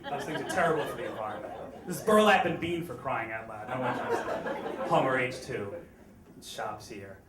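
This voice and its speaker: A man's voice: mid-range voice, expressive, normal speed, over a noisy crowd. Wry male storyteller on an echoey stage. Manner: wry, self-deprecating, conversational.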